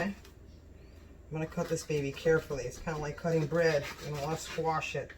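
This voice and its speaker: A woman hosting a casual home cooking vlog, gushing and excitable, often exclaiming over the food. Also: sits low, background noise. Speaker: cooking channel host.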